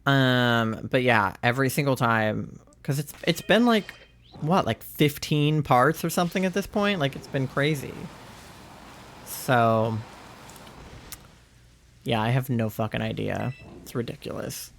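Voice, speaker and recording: A young man talking into a headset while he streams a game, his voice edged with a gravelly fry. He rambles casually, leaning on fillers and loose asides, at a middling pitch over a faint hiss. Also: measured pace, fairly bright tone. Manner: chatty, rambling, many fillers. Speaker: livestreamer. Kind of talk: casual chat while gaming.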